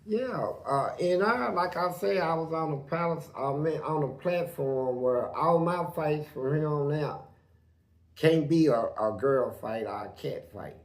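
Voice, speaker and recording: A man's voice: on the high side, unhurried, echoey room. Blunt profane man telling prison stories. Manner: blunt, profane, vivid sound words. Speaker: storyteller guest. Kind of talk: animated prison storytelling.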